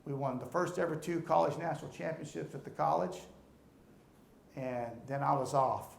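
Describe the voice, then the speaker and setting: Gravelly-voiced man giving an earnest talk. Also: fairly high pitch, fairly even intonation, normal speed, reverberant. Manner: earnest, repeats words when starting sentences. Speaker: alumnus speaker. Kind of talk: motivational speech to an audience. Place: room with an audience.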